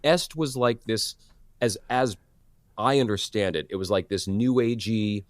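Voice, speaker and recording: A man in his late thirties from New York City, a guest in a podcast interview, chatty and self-deprecating with halting restarts. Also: fairly low pitch, dry recording, studio quality. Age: 30s. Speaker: guest actor and producer.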